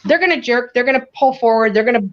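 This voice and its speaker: Western New York woman dog groomer, chatty demo voice, dull lo-fi sound, pitched a bit high. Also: fast. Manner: chatty, animated, checks in with "okay?". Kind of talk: hands-on grooming demonstration. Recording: dull lo-fi audio.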